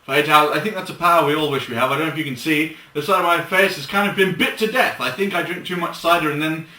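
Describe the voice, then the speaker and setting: Young man, casual banter, bright tone, slightly high voice. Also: fast talker. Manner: giggly, rambling with fillers. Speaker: co-host of a film review show. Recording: echoey room, mic at a distance.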